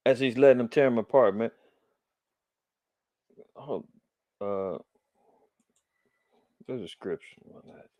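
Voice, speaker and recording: A middle-aged man from Los Angeles hosts a religious commentary show, reacting to the news with indignation and reading scripture in an emphatic, preacherly way. His medium-pitched voice is a little mellow, recorded with no room sound.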